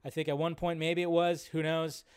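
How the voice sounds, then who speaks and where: A man's voice: a little high, flat delivery, moderate pace, smooth. A man hosting a casual live-stream chat, rambling and often cutting himself off as he reads out viewer questions. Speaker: host.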